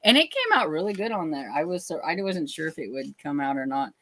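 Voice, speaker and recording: A woman's voice: deep voice, big pitch swings, fast talker, a bit bright. A woman co-hosting a casual book livestream, reading viewer comments aloud and laughing often.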